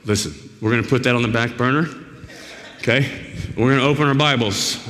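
A man preaching a sermon in a church, telling a personal story in an emphatic, lively storytelling manner. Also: medium pitch, a little fast. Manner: storytelling, emphatic, shouts when reliving anger. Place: church hall. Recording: echoey church hall.

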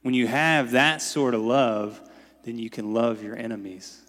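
A man's voice: mid-range voice, unhurried, fairly bright tone. A man preaching a sermon as pastor in a casual, conversational way, often saying "like". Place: church sanctuary. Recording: long reverb in a large hall.

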